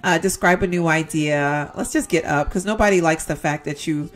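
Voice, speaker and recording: A woman's voice: low voice, normal speed. A young woman giving casual, chatty commentary as she plays a life-simulation game, talking straight to her viewers and exclaiming at what happens. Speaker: gaming YouTuber. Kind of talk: casual let's-play commentary.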